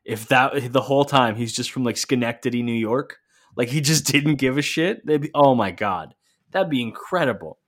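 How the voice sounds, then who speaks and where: A man's voice: mid-range voice, moderate pace. Casual man recapping a wrestling clip. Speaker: podcast co-host. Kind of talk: casual chat.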